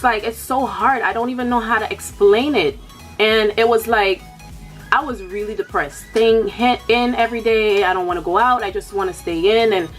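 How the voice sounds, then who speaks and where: A young woman talking frankly and casually to camera about her own life, leaning on "like" and "you know". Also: mid-range voice. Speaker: vlogger. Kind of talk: candid personal chat.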